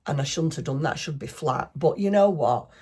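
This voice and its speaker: A woman's voice: sits low, expressive, moderate pace, mellow, breathy edge. A middle-aged woman with a Northern English accent, chatting casually and rambling in a self-deprecating way as she shows her knitting to her viewers. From northwest England. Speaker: craft vlogger. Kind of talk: casual craft chat.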